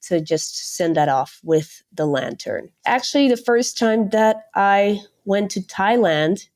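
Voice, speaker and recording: A woman in her thirties from the Netherlands, a podcast guest telling animated travel stories and mimicking the people she met. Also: mid-range voice, takes it slowly. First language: Dutch. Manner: animated storyteller who mimics others' voices. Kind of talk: casual interview chat.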